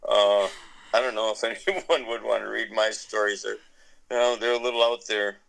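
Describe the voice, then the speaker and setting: A man's voice: lowish voice, fairly even intonation, normal speed, gravelly, fairly bright tone, rough recording. Man telling a rambling story. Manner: rambling with many restarts and laughs. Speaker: podcast guest, musician. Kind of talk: casual storytelling.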